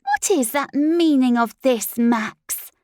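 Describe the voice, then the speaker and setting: A woman voicing a jealous, furious young werewolf woman with a high-pitched, accusing voice in an audiobook. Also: animated, very slow, vocal fry, no room sound, clean studio sound, heavily acted. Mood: raging. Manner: accusing, raging. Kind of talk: audiobook character voice.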